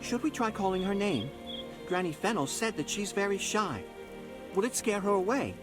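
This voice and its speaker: An earnest young male adventurer from a video game. He sounds concerned and keeps asking questions, with a high, lively, animated voice over faint game music. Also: moderate pace.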